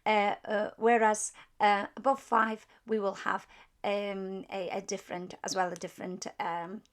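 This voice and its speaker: Slow, patient woman teaching a language. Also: medium pitch, level tone. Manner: patient, explaining step by step with frequent pauses; apologetic when correcting herself. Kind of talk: online language lesson.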